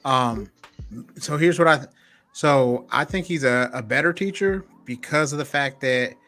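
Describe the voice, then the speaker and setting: Man, podcast co-host, casual chat, mid pitch, acts out quotes, faint music behind. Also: unhurried. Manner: animated, acts out quotes with laughter.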